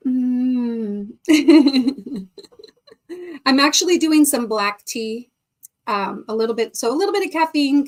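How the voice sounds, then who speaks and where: A middle-aged woman hosting a live stream, chatting casually, reading viewer comments aloud and laughing often. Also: sits high. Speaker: livestream host.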